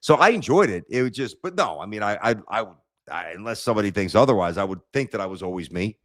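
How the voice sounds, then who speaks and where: A man's voice: lowish voice, animated, fast talker, no echo, studio quality. A middle-aged man with a New York accent, telling stories bluntly as a guest on a sports podcast, with stammered restarts. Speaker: sports radio host, guest. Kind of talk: casual podcast chat.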